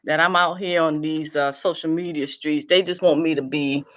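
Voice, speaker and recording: A woman's voice: sits low, steady tone, normal speed, a bit bright. Blunt, chatty woman on a live stream. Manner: blunt and profane, teasing and chatty. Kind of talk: casual live Q&A chat. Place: at home. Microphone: laptop.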